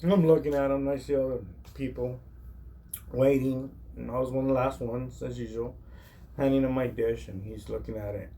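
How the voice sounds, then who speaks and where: A man, a chef, telling a personal story in a casual, animated way, emphatic and full of "like". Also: mid-range voice, a little fast. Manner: animated, emphatic, heavy use of "like".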